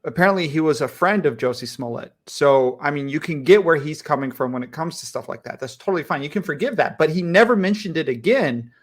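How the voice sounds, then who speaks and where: Male podcast co-host, slightly high voice, emphatic, profane rants. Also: expressive, fast talker, few pauses. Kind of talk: casual podcast chat.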